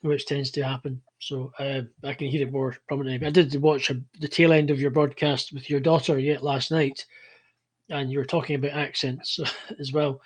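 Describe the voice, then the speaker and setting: Male co-host, quiet, rambling, restarts a lot. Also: mid-range voice, little pitch movement, moderate pace, breathy edge. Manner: rambling, soft-spoken, full of restarts. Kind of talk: casual chat on a live stream.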